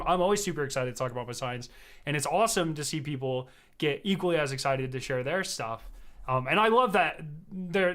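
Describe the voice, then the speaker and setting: A man streaming, giving casual, excitable and rambling commentary, swearing freely. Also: on the high side. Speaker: streamer reacting to a developer stream.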